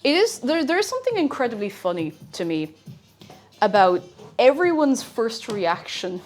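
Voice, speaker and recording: A woman's voice: fairly high pitch, sing-song, moderate pace. A young woman streamer chatting casually and rambling while she cooks, with frequent exclamations. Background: faint music.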